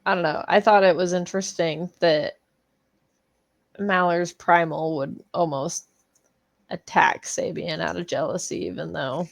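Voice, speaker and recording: A young adult woman co-hosting a book club podcast, speaking slowly and laughing through emotional moments. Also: fairly low pitch, steady tone, vocal fry, dry recording. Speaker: podcast co-host. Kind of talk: casual book club chat.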